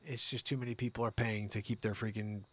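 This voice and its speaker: A man's voice: on the low side, level tone, brisk, a bit bright, no room sound. A man hosting a comedy news livestream, ranting and sarcastic, with swearing asides.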